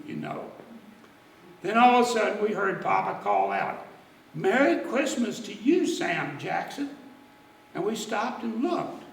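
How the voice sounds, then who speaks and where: A man telling a folksy story in dialect at a church service, animated and lively. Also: sits high, vocal fry, echoey room, distant mic, a little hiss or hum, low-quality recording. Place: church sanctuary.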